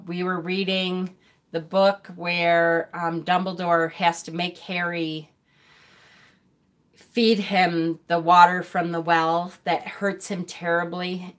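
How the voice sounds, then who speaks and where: A chatty middle-aged woman hosts a livestream, casually reading viewer comments, rambling and laughing often. Her voice is fairly low in pitch with a fairly bright tone.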